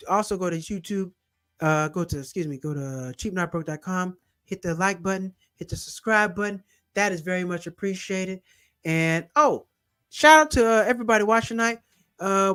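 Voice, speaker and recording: A young man hosting a casual livestream, eagerly shouting out viewers and their cities and plugging his channels. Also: high-pitched. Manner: hyped, repetitive shout-outs to viewers. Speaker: livestream host.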